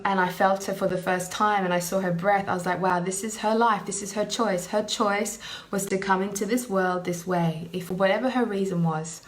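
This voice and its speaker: A woman in her thirties tells a deeply personal story in an earnest, heartfelt voice. She speaks at a middle pitch and fills her sentences with "you know" as she relives each moment. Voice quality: emotional, earnest. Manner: frequent "you know" fillers, lively retelling.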